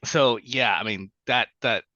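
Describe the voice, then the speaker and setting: A man's voice: mid-range voice, bright, forceful tone, no room sound. A man, a children's book author, telling stories in a casual interview, stumbling over restarts and fillers. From Vietnam. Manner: halting, many restarts and fillers, laughs easily. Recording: dull lo-fi sound.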